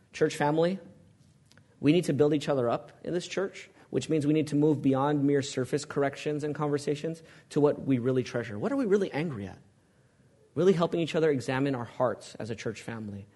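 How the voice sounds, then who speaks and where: A man's voice: medium pitch, warm tone, breathy edge. A male pastor preaching a sermon, asking the congregation questions and pressing his points with emphasis.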